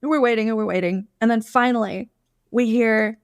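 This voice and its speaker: A woman's voice: fairly high pitch, brisk, clean tone, no room sound, studio quality. A woman as a podcast guest telling her story casually and animatedly, acting out quotes and swearing freely.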